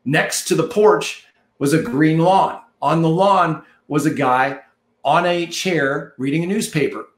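A man's voice: fairly high pitch, a little slow, reverberant. A man coaching listeners in a punchy, preachy motivational monologue, repeating phrases for emphasis. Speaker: marketing coach.

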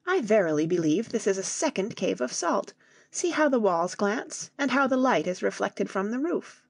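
A woman voicing an excitable teenage boy in an audiobook, exclaiming and lively. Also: medium pitch, normal speed, vocal fry, dry recording, studio quality. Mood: excited.

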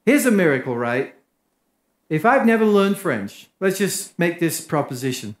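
A man with an English accent preaching a sermon as pastor, emphatic and lively when quoting others. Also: moderate pace. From England. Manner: emphatic, rises in pitch for quoted crowds. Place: church. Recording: echoey church room.

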